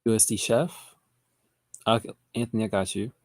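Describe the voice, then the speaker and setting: A man's voice: lowish voice, fairly even intonation, moderate pace, a little mellow, dry recording, studio quality. A man hosting a live trading lesson. He chats casually with viewers and reads their chat comments aloud. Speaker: trading educator hosting a livestream. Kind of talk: casual livestream teaching, answering chat.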